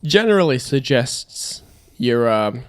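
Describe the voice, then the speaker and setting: A man's voice: mid-range voice, very animated, slow, smooth. A man, drunk, trading dry, crude quips on a comedy podcast. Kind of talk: casual crude banter.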